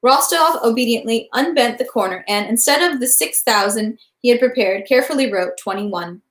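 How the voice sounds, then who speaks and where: Lady reading a classic novel out loud, steady, bit high, echoey room. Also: normal speed. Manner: steady reading with small slips and restarts. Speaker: reader of a novel. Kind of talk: read-aloud narration.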